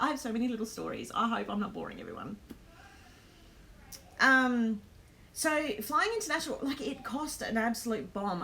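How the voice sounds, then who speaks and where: A woman's voice: on the high side, gravelly, a bit bright. An Australian woman hosting a live stream, telling a travel story in a chatty way, with lots of ums and nervous laughs.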